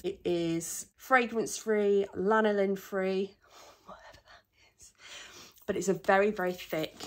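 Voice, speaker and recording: Chatty British woman, slightly low voice. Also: slight background noise. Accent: British English. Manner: chatty, self-mocking asides, quick laughs. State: a little out of breath. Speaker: bodybuilding competitor and vlogger. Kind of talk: casual tips talk to camera.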